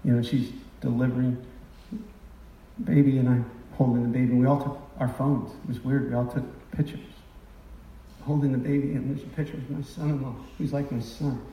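A man's voice: mid-range voice, flat delivery, fairly quick, dull audio, slight background noise. Emotional preacher man in a roomy hall. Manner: emotional, confessional, rising to impassioned outbursts. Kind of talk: sermon. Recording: roomy sound from a distance.

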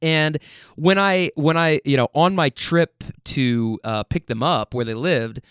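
A young man with a slightly higher voice tells a rambling story and acts out each character's lines. His delivery is animated, with laughter breaking in. The recording is close and dry, with no room sound. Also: a little slow, clean tone, no room sound. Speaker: storyteller recounting a rideshare passenger story. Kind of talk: casual storytelling.

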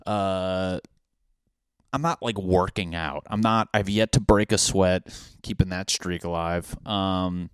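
A man with a deep, low voice riffs through a profane, rambling comedic rant full of fillers and restarts. The sound is dry and close, with no room echo. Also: fairly even intonation, takes it slowly, clear, resonant tone. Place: home apartment.

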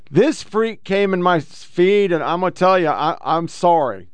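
A man's voice: sits high, animated, measured pace, clear, resonant tone. A middle-aged man hosting a casual, profane commentary show, bluntly lecturing about the clips he plays. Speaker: podcast host reacting to clips.

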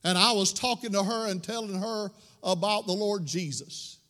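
High-voiced folksy preacher in a church. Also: male voice, normal speed, pushed and bright, long reverb tail. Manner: folksy storytelling preacher, rising to fervent. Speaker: pastor. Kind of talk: sermon. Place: church sanctuary.

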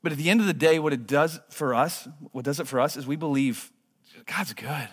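Earnest guy preaching in a church, kinda high voice, hushed then punchy. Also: fairly quick, slightly rough. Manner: earnest, swings from hushed to emphatic. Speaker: pastor. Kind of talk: sermon. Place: church sanctuary. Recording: long hall reverb.

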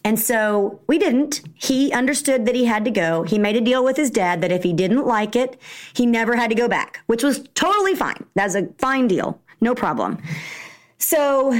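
Animated middle-aged woman telling a story. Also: a little high. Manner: animated, conversational, acts out dialogue. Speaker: Christian speaker. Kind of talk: personal storytelling talk.

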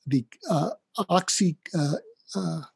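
A man's voice: on the high side, slow pace, vocal fry, slightly rough, no room sound. A man, a doctor and author, speaking earnestly in an interview, often stumbling and restarting. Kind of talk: casual interview talk.

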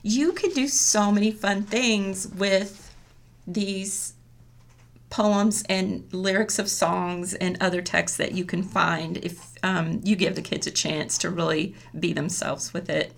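A woman's voice: on the low side, little pitch movement, slow pace, creaky. A woman elementary school teacher explaining a classroom method in a friendly, chatty way with frequent laughs. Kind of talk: casual professional chat.

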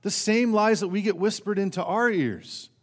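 A male pastor preaching a sermon in earnest, asking the congregation rhetorical questions and swinging between raised emphasis and hushed, low passages. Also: normal speed. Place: church sanctuary. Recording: church sermon with long hall reverb.

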